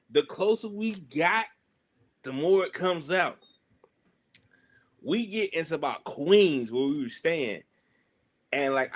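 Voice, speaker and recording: A man with a Southern US accent, a wrestler guest telling a road-trip story in an animated way and acting out other people's lines. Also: sits high. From Southern United States. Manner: lively, acts out other people's lines, heavy slang.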